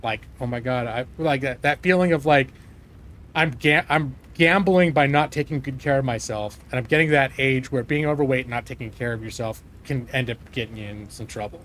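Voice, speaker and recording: A man in his forties chatting casually on a live stream, rambling and candid, swearing freely and joking at his own expense. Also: mid-range voice. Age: 40s.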